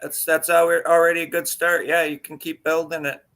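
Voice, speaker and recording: An upbeat man co-hosting a podcast, offering encouragement in easy chat. His voice is bright and sits a little high. He keeps things light and supportive. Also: little pitch movement, normal speed, creaky. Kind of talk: casual chat.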